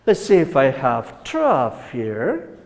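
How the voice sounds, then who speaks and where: A man with a Colombian Spanish accent, a native Spanish speaker, teaching a slow classroom English lesson and often checking with "right?". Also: mid-range voice, huge pitch swings. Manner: slow, repeats words and asks "right?". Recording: echoey room with long reverb.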